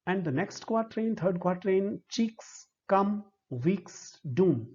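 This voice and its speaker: Indian english guy teaching slowly, soft dark tone, kinda husky, muffled recording. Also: high-pitched, animated. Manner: slow and deliberate, spells out syllables one by one. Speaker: English literature lecturer. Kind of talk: slow explanatory lecture. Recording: dull lo-fi recording.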